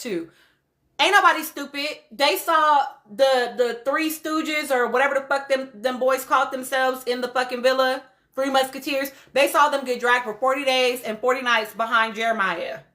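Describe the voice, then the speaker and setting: Woman host, high bright voice, blunt and cussing in casual recap talk. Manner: blunt, profane, animated commentary with laughs. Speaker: podcast host. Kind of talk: casual reality-show recap livestream.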